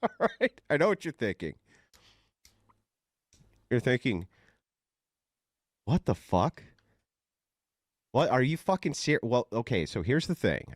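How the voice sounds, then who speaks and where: A man's voice: lowish voice, no room sound, clean studio sound. A man hosting a livestream, reading posts aloud and mocking them in a profane, laughing way. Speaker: livestream host.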